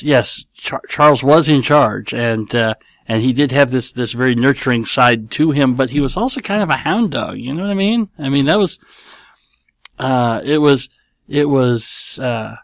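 A middle-aged man chatting casually at home as a podcast host, working through listener questions. He rambles, restarts and corrects himself in an easygoing, joking way. His voice sits at an ordinary pitch for a man, recorded close and dry with no room echo. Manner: rambling, self-correcting, playful. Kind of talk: casual chat. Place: at home with his kids nearby.

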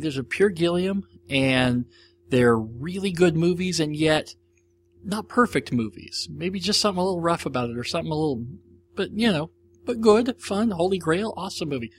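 Reviewing movies on his podcast, this American man chats enthusiastically in a rambling solo monologue full of restarts. His fairly high voice is expressive and moves at normal speed, captured as audio only with no video.

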